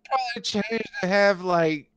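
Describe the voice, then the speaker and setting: High, slow-talking man joking. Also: a bit bright. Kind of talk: casual stream chat.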